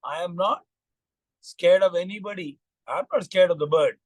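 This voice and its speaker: A man's voice: sits high, normal speed, no room sound, low-quality recording. A man with an Indian English accent voicing a mighty river that brags about its power. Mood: boastful. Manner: boastful, dismissive. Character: mighty boastful river, mocking then proud.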